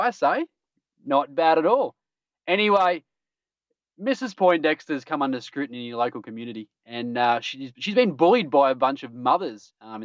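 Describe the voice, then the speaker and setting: A man's voice: a little high, dry recording. A man hosting a casual podcast news roundup, joking and laughing at his own jokes. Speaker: podcast host. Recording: dull dry lo-fi recording.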